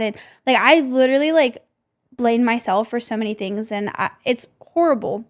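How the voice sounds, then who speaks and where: A woman's voice: a little high, normal speed. A young woman, a podcast host, telling a personal story with emotion and many "like" fillers. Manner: emotional, heavy use of "like" fillers.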